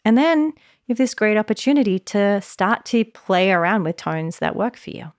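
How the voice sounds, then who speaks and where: A woman hosting a solo podcast in a casual, animated way, with lots of fillers. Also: mid-range voice, moderate pace, no echo, clean studio sound. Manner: casual, warm and animated, many "like" and "you know" fillers. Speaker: podcast host.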